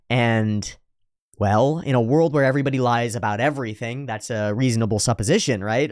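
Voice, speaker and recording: A man's voice: medium pitch, fairly quick, no room sound, studio quality. A man hosting a reaction video, analyzing an anime scene and paraphrasing its dialogue with rhetorical asides.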